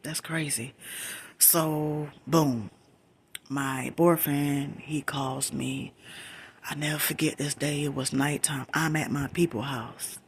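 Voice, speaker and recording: A middle-aged woman telling a personal story in a soft, breathy whisper, emphatic and conversational, repeating words for stress. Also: a bass voice, slight background noise.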